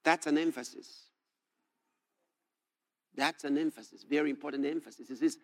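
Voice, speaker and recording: A man preaching a sermon, explaining scripture verse by verse, often checking "all right?" and rising to shouts as he reads. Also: a little high, normal speed, pauses often. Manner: animated, rising to shouts when reading scripture.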